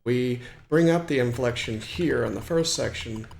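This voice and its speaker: A man's voice: mid-range voice, moderate pace, gravelly, a little hiss or hum. A man walking through a computer tutorial, explaining step by step with many fillers and restarts. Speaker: hobbyist programmer demonstrating software. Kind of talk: screen-recorded tutorial walkthrough.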